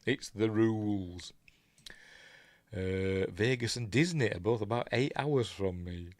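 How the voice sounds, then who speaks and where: A man's voice: fairly low pitch, slow pace, dry recording. A man with a Yorkshire accent rambling casually through a film breakdown, often trailing off and mumbling asides. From England. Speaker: film reviewer.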